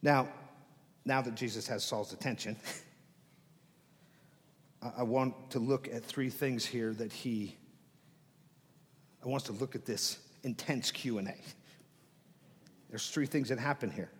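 A man preaching a sermon as pastor, dramatic, dropping to hushed whispers and swelling loud, often repeating words as he restarts phrases. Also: medium pitch, fairly even intonation, a little slow, long pauses. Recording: long hall reverb.

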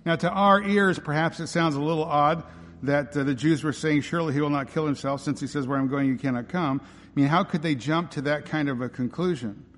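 A male pastor preaches with emphatic force, stacking rhetorical questions and repeated lines. His voice sits a little high for a man. It rings out with the long reverb of a large church hall. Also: fairly quick, a little hiss or hum. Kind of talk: sermon.

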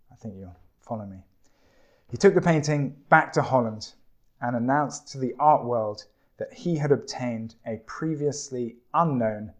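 A man preaching a sermon, telling a story and reading scripture in a measured, deliberate way. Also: medium pitch.

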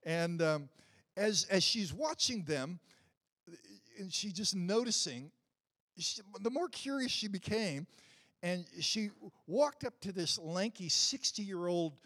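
Brief: male pastor, fairly high voice, casual storytelling sermon with emphatic peaks. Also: animated, slow pace, a bit bright. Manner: conversational, self-deprecating, builds to emphatic peaks.

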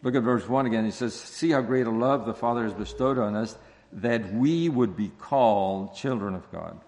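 A man preaching an expository sermon, speaking slowly and deliberately and repeating key phrases for emphasis. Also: mid-range voice, a little mellow. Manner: slow, deliberate preaching with stressed repetitions. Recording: long hall reverb.

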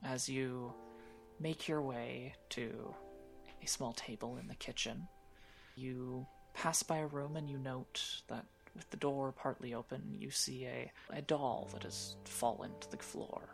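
A man's voice: medium pitch, unhurried, gravelly, faint music behind. A man narrating as game master of a tabletop role-playing game, hesitant and full of restarts.

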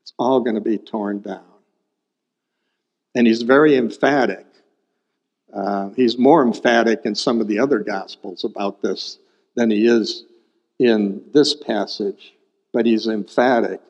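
In a dull recording with long hall reverb, a male pastor preaches a sermon, working through a Bible passage and repeating key points for emphasis. His voice is fairly low, unhurried, and broken by frequent pauses.

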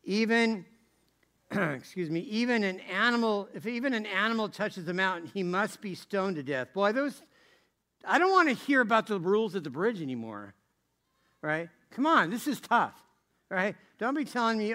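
A man's voice: high-pitched, sing-song, normal speed, sharp tone. A middle-aged man preaching a casual, conversational sermon, often asking "right?" and repeating phrases as he goes.

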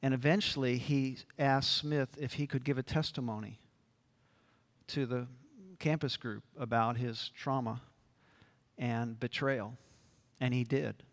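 A male pastor delivers a sermon at an unhurried, deliberate pace, his voice at an ordinary middle pitch. He speaks earnestly, swelling to emphatic peaks and checking in with the congregation. The sound carries the long reverb of a large church hall. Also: fairly even intonation. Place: church sanctuary.

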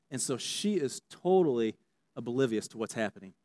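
A pastor preaching a sermon in a conversational, animated way, often checking in with his listeners. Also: medium pitch, normal speed.

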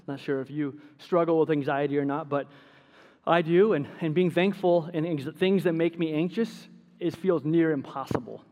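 A man's voice: fairly high pitch, a little mellow. A middle-aged man preaching a sermon as pastor, telling stories with self-deprecating humor. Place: church sanctuary. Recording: long hall reverb.

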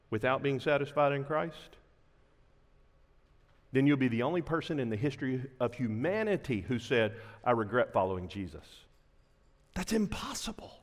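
A man preaching with a lively, swooping voice, pitched a little high for a man. He drives his points home with passion, then sinks to a near whisper. Long reverb from a large church hall trails behind every line. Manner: impassioned preaching, drops to a hush at times. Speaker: pastor. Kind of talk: sermon.

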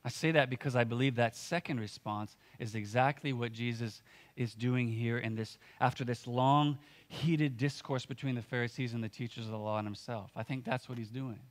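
A man's voice: mid-range voice, fairly even intonation, moderate pace. Earnest man preaching a conversational sermon. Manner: earnest, conversational, with filler words and restarts. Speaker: pastor.

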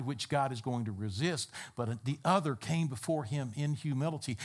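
A man's voice: on the high side, a bit bright. A man preaching a sermon as a pastor, building emphatic repeated phrases. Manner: emphatic, repetitive preaching cadence.

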